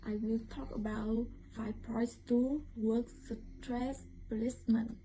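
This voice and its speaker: A young woman with a Vietnamese accent presents a lesson as a student, reading slowly and carefully, now and then stumbling and starting over. Her voice is dark and mellow and sits a little high, with a flat, even melody. A faint hiss of background noise runs under the recording. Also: low-quality recording. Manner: careful, halting reading with restarts.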